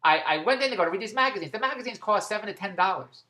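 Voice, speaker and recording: Guy vlogging, rambles fast, tons of restarts, bright sharp voice. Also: high voice, lively intonation. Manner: rambling, repetitive, stumbling restarts, self-amused. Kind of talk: rambling monologue vlog.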